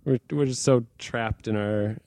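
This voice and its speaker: A man's voice: mid-range voice, measured pace, mellow, dry recording. A man hosting a casual comedy podcast with friends, rambling and laughing as he talks. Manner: rambling, restarts, laughs often. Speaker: podcast host.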